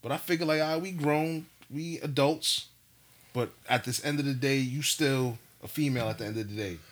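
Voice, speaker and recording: A man telling a story in a casual chat, animated and profane, full of slang. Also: medium pitch, normal speed.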